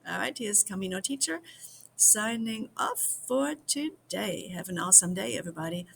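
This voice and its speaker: A woman from the United States giving a slow repeat-after-me language lesson, drilling each phrase several times for the viewers. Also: medium pitch, animated, creaky, a bit bright, a little hiss or hum. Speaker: language teacher.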